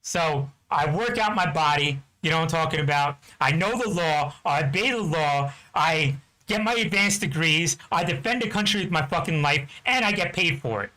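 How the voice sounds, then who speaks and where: A man's voice: a little high, lively intonation, moderate pace, hardly any pauses, pushed and bright, poor audio. A man from New Jersey, a game streamer, ranting angrily with heavy swearing and constant "you know what I'm talking about" fillers. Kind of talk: angry ranting chat.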